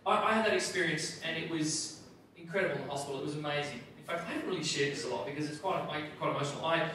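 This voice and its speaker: A man performing a stand-up comedy routine as MC at a corporate gala dinner, telling a story with animated, self-deprecating asides. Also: on the high side, racing, slight background noise. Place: large function room at a gala dinner. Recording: echoey hall, distant mic, audience laughter.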